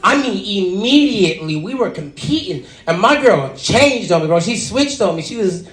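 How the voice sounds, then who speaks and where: Guy doing stand-up, kinda high voice, echoey club, crowd laughing. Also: normal speed. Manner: animated storytelling, acts out characters. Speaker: stand-up comedian. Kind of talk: stand-up comedy set. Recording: echoey venue with audience laughter. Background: audience laughter.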